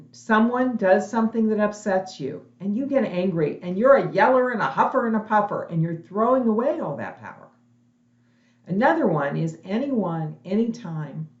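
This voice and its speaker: A woman's voice: lowish voice, a little mellow, reverberant, lo-fi sound. A middle-aged woman giving a direct, emphatic motivational webinar talk as a conference speaker. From lives in Texas.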